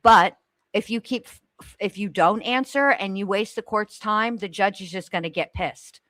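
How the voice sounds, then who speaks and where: A woman's voice: medium pitch, moderate pace, a bit bright, no echo. A woman co-hosting a casual commentary chat, pleading earnestly and reading aloud with blunt asides. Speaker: co-host.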